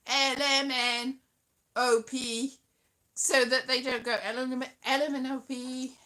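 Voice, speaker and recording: Chatting casually with her live viewers, a British livestream host in her forties tells meandering stories. She speaks slowly in a high-sitting voice with a flat delivery and a sharp tone.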